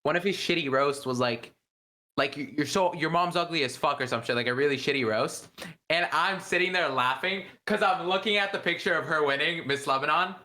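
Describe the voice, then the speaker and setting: A young man, a gamer guest on a podcast, chatting in a laid-back way with quick interjections. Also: a little high, pushed and bright. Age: young adult. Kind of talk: casual podcast banter.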